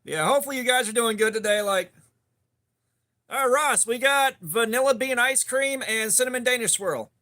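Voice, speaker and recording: High, bright-voiced man streaming. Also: normal speed. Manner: laid-back, greets chat viewers by name. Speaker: livestream host. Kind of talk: casual live stream chat.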